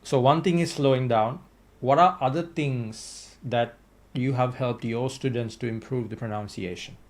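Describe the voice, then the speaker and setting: A man's voice: medium pitch, normal speed. A man hosting a podcast interview, reflective and hesitant, with many fillers and "right?" tag questions. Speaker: podcast host. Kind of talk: casual interview conversation.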